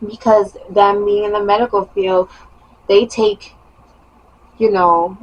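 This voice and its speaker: Young woman vlogger, storytime monologue, emphatic and animated, faint hum behind. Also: medium pitch, takes it slowly, vocal fry, highs cut off. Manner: animated, emphatic retelling with rising bursts.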